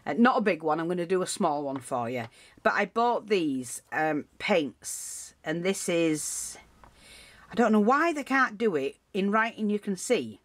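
A woman's voice: lowish voice, sing-song, measured pace, no room sound. A woman giving a casual, rambling craft tutorial, full of asides and restarts.

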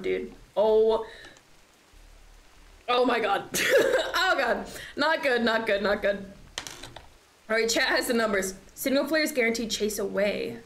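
High-voiced young woman streaming a horror game. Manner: chatty, swears a lot, reacts with nervous laughs. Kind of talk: live game commentary. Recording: echoey room, faint noise.

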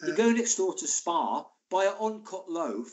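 A man in his sixties, a former footballer, telling stories in a casual interview in a chatty, animated way. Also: high-pitched, normal speed. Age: 60s. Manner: chatty, animated, laughing anecdotes.

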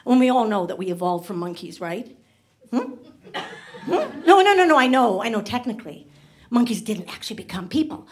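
A woman performing a stand-up comedy set on stage, chatty and quick to slip into voices for characters. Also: medium pitch, sing-song. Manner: chatty, rapid shifts into voiced asides. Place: comedy club stage before a laughing audience.

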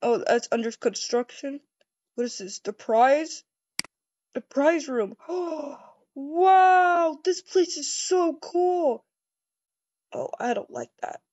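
In a fairly high voice, an excitable and easily startled woman rambles through a first-person game role-play, tripping over restarts at a slow, unhurried pace. The dry, dull sound resembles a lo-fi home recording.

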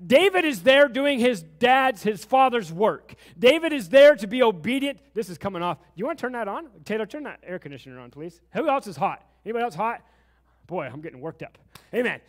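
A man's voice: sits high, very animated, fairly quick, big-room sound. A man preaching a sermon as pastor in a church, building intensity and asking the congregation questions as he goes. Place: church sanctuary.

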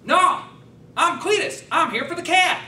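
A man voicing a folksy, eager, dim rural man in overalls, with a high drawling put-on voice and slow, exclaiming speech. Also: expressive, pushed and bright, slight background noise, heavily acted. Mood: insistent. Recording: echoey hall, mic at a distance.

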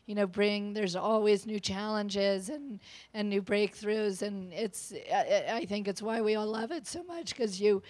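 Earnest woman director, repeats stuff for emphasis, mid pitch. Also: measured pace, a little mellow, rough recording. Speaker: documentary filmmaker on a panel.

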